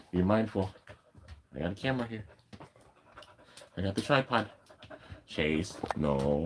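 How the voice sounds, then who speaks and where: Low-voiced guy streaming from home, loose and excited, talking fast and full of "like.". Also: slight background noise. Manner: rambling and excited, heavy use of "like". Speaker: YouTuber reacting to an anime episode. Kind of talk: casual live-stream chat. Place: at home with his dogs.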